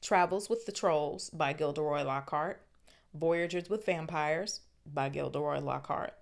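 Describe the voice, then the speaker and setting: A woman with a low, deep voice reads a novel aloud on her podcast. She keeps stopping to add slangy, casual remarks between passages. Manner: breaks off for slangy asides and laughs. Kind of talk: reading aloud with casual commentary.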